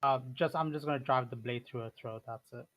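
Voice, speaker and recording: A man's voice: medium pitch, a little fast, fairly bright tone. A man playing a tabletop game, declaring his moves with hesitant ums and uhs. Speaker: player. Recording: dull lo-fi.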